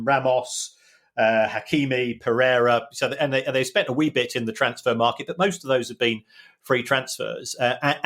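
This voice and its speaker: A man in casual podcast chat, explaining football finances at a measured pace. His voice sits in an ordinary middle register, and he often repeats words as he gathers his thoughts. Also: mid-range voice, a bit bright. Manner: measured, explanatory, with frequent restarts. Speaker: football finance expert co-host.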